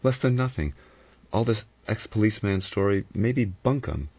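Guy doing a cool mocking adventure type, soft and dry, deep gravelly voice. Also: animated, normal speed, no echo. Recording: dull lo-fi recording.

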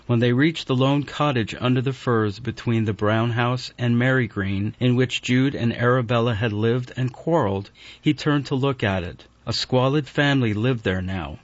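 A man narrates a classic novel in a measured, even reading voice. The recording is bone dry and slightly dull, with a muffled top end. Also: mid-range voice, dry recording. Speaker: audiobook narrator.

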